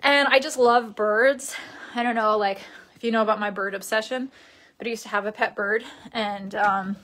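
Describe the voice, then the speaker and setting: A woman's voice: medium pitch, fairly even intonation, normal speed, a bit bright. A young woman from Queens, chatting casually with viewers during a livestream from her childhood bedroom and laughing often. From Queens, New York. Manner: chatty, giggly, talks to viewers.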